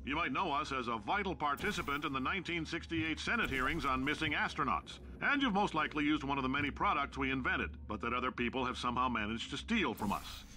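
Brash boastful corporate boss for a game; sarcastic pitchman delivery, bright and forceful. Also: expressive, fast, few pauses, a little hiss or hum. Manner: brash, sarcastic salesman patter. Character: brash boastful male company boss, middle-aged. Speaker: game character, company CEO. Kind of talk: recorded game dialogue.

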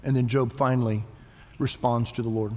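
A man's voice: medium pitch, level tone, moderate pace, a little mellow, long reverb tail. A male pastor preaching a sermon in a church sanctuary, talking conversationally and repeating words as he thinks. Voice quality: self-described weak voice.

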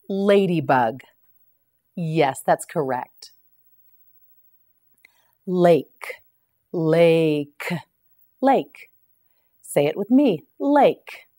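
A woman leads a beginner vocabulary lesson at a very unhurried pace. Her voice sits a little low, and she says each word several times with patient drills. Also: warm tone. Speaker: English teacher. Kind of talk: slow scripted vocabulary lesson.

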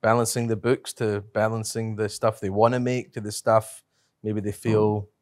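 A man's voice: lowish voice, flat delivery, moderate pace, no echo, clean studio sound. Thoughtful man with a strong brogue. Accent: strong brogue, not New Zealand. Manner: thoughtful, rambling, self-correcting. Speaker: podcast co-host and festival director. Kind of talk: casual podcast chat.

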